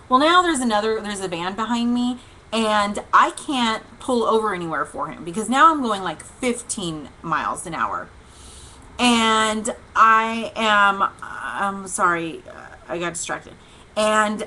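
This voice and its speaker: A woman hosting a livestream devotional, telling a long casual story in an animated, chatty way, with lots of "like" and "okay" and bursts of laughter. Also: medium pitch, slight background noise, rough recording. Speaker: host. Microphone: livestream webcam mic.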